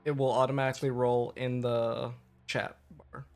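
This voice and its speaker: A man's voice: medium pitch, flat delivery, normal speed, darkish tone. A man running a tabletop game as game master, narrating casually with fillers.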